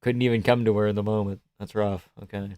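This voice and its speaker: A man's voice: fairly low pitch, level tone, quick pace, darkish tone, smooth. A man live-streaming casual commentary while watching fights, blunt, sarcastic and swearing freely.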